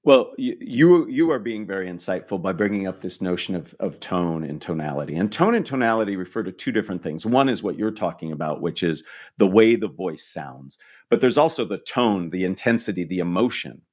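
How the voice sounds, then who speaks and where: Man guest, lowish voice, very animated pitch, coaching manner. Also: brisk. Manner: explanatory, coaching tone with small restarts. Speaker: guest, communication lecturer. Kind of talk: podcast interview.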